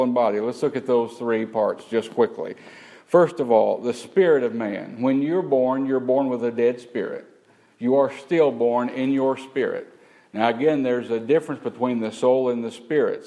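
Guy preaching to his church, plain folksy teaching voice, mid pitch, lots of questions to the crowd. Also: warm tone, poor audio. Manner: plain-spoken teaching with rhetorical questions to the congregation. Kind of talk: sermon.

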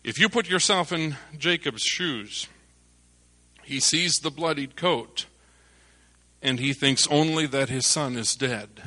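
A male preacher giving a sermon, telling a hunting story with lively bursts of excitement before turning back to scripture. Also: a little high, takes it slowly, no room sound. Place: church service.

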